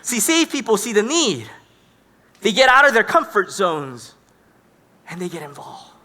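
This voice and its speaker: A man preaching a sermon as a pastor, telling stories in an animated, dramatic way. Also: sits high, measured pace. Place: church hall. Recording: echoey church hall.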